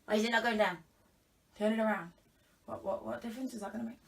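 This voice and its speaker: A woman's voice: on the high side, steady tone, fast. A woman vlogger chatting casually while she assembles furniture at home, teasing the person filming her. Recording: distant mic with clear background noise.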